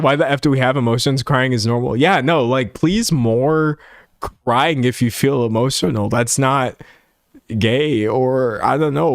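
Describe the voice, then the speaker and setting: A young man chats on his live stream, riffing on viewer comments in a rambling, self-mocking way. His voice sits at a middling pitch and sounds dry and close, with almost no room around it. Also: no room sound. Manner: rambling, self-mocking, animated, laughs often. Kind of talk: casual chat reading stream comments.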